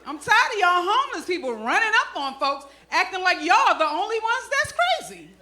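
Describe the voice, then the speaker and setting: A woman's voice: very high voice, sing-song, moderate pace, sharp tone, roomy sound, a little hiss or hum. A middle-aged woman from Brooklyn, doing a stand-up comedy set with punchy, slangy delivery and asides to the crowd. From Brooklyn, New York. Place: comedy club stage.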